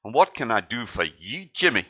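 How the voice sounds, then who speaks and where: A man's voice: mid-range voice, sing-song, normal speed, lo-fi sound, pitched above the performer's own voice. A man voicing a brusque, mocking male army medic with a put-on Scottish accent. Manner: teasing, rough-spoken.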